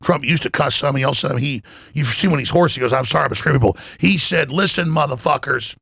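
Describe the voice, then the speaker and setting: Gravelly, husky man talking excitedly. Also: mid-range voice, fast, dry recording, studio quality. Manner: animated, emphatic, swearing, quoting others in voices. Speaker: guest. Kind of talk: excited podcast talk. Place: in Florida.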